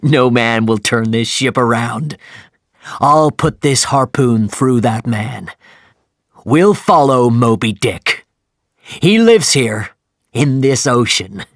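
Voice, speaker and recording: A man voicing an obsessed old sea captain who shouts his defiance, his voice gravelly and raised. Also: medium pitch, expressive, slow, no echo, clean studio sound. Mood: grim obsession.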